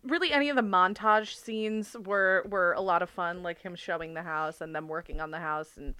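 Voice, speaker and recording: Smooth-voiced chatty woman on a podcast. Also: lowish voice, moderate pace, bright, forceful tone, no room sound. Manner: chatty, many "um"s, acts out quotes. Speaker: podcast co-host. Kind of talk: casual chat.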